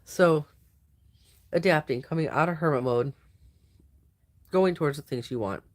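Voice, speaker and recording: A sleepy, yawning woman with a low voice reads a casual weekly tarot spread. She rambles loosely, drifting from thought to thought, letting ideas trail off and using lots of fillers in an informal, unhurried way.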